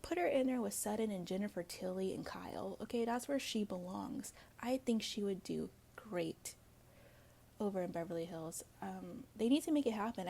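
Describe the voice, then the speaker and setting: Chatty woman on her own channel, kinda creaky warm voice, blunt and gossipy, swears a lot. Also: medium pitch, normal speed. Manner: chatty with frequent fillers and asides. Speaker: reality TV commentary host. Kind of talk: casual solo commentary to viewers.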